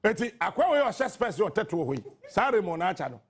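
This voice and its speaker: A man with a Ghanaian accent hosting a radio talk show, delivering impassioned political commentary that mixes English and Twi, often shouting. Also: high voice, big pitch swings, quick pace, breathy edge. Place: radio studio.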